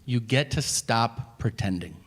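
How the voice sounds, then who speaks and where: Animated stand-up man in a reverberant club. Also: mid-range voice, measured pace. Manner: animated, profane storytelling with acted-out dialogue. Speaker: stand-up comedian. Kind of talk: stand-up comedy set. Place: comedy club stage before a laughing audience. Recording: reverberant venue with crowd noise.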